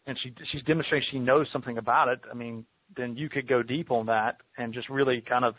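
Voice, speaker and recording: A man's voice: medium pitch, steady tone, quick pace, husky, phone-quality sound. A man hosting a podcast interview, thinking aloud hesitantly and repeating words. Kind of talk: interview conversation.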